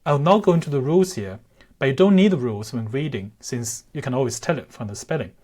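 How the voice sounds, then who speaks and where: Explaining a language lesson with care, this male teacher pauses now and then to model word pronunciations. He has a mid-range, darkish voice with lively intonation.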